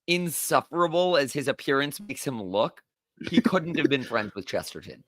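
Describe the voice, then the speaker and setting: A man who is a podcast guest, talking casually and thoughtfully, pausing to correct himself. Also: mid-range voice, lively intonation, a bit bright, dry recording.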